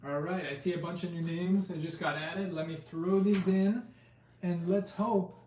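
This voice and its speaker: A man's voice: sits high, fairly even intonation, moderate pace, darkish tone. A man hosting a casual live stream, chatting with viewers and reading card names aloud. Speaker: live-stream host opening trading card packs. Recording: roomy, distant mic with faint noise.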